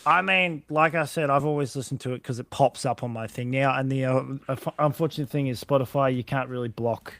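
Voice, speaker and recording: This podcast co-host speaks at medium pitch, a little quickly and with few pauses, his tone slightly bright and free of echo. He rambles through casual chat, correcting himself as he goes and laughing often.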